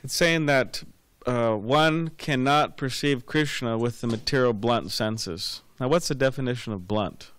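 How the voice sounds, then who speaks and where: A man's voice: mid-range voice, measured pace, few pauses, fairly bright tone, clear, resonant tone, no echo. A man giving a scripture class, rambling and repeating words with many fillers, telling anecdotes. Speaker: class speaker.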